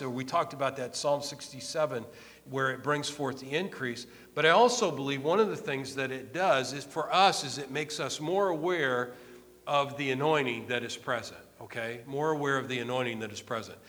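A man preaching a sermon in a conversational storytelling way, repeating phrases and filling pauses. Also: medium pitch, bright, forceful tone. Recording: long hall reverb.

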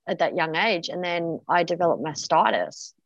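A woman speaks frankly about her own life in a slightly low, gravelly voice. The sound is dry and a little dull, as if lo-fi. She swears easily and circles back with fillers and restarts. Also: moderate pace, dry recording. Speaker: podcast guest. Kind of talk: candid personal storytelling.

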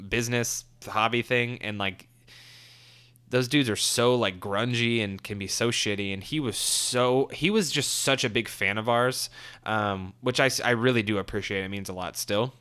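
Young guy ranting through an old story, swears constantly, lots of likes and ums, sharp voice. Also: mid-range voice, moderate pace, clean tone. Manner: profane, rambling, many fillers. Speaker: former wrestler telling a story. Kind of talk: casual storytelling.

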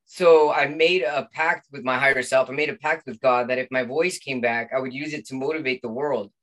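A man's voice: medium pitch, fairly even intonation, fairly quick, a bit bright. Earnest middle-aged man telling his story. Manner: earnest and heartfelt, with many restarts. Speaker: podcast guest. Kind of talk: personal storytelling in a chat.

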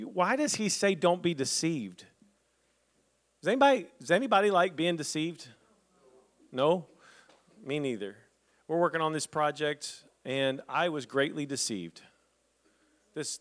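A man pastor preaching a sermon, reading scripture aloud with lively humorous asides to the congregation. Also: medium pitch.

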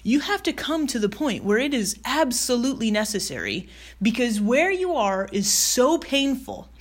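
A woman's voice: a little high, very animated, moderate pace. A woman delivers a motivational talk in a direct, conversational way. She presses her points with repeated rhetorical questions and loose, casual phrasing. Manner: emphatic, repetitive, direct address with rhetorical questions; casual with fillers and mild swearing. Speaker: motivational speaker.

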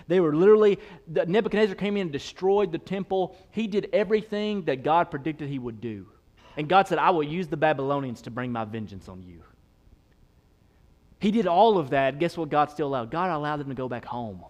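A man preaching a sermon, swinging between loud, punchy asides to the congregation and soft, slow scripture quotes. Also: fairly high pitch. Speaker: pastor.

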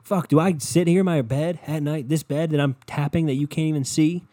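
A young man talks straight into his podcast mic from his bedroom, rambling, cursing and working himself up into passionate rants. His voice is dark and mellow, recorded close and dry with no room sound. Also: on the high side, steady tone, fairly quick, no room sound. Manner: rambling, profane, impassioned. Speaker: podcast host. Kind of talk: solo podcast monologue. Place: bedroom at home.

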